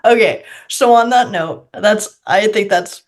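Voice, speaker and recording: A woman's voice: mid-range voice, a little slow. A woman hosting a podcast, talking casually and expressively with her guest. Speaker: podcast host.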